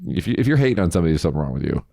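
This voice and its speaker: A man co-hosts a casual news podcast in a fairly low voice, picked up close and dry. He comes across blunt and sarcastic and swears freely as he rants about the stories. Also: very animated, racing, vocal fry, mellow, no echo. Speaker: podcast co-host.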